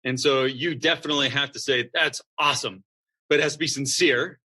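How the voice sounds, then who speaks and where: A man's voice: medium pitch, fairly quick, breathy edge. A man who founded a school, talking casually as a podcast guest and acting out what students and coaches say. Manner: lively, acts out quoted students and coaches. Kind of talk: casual interview conversation.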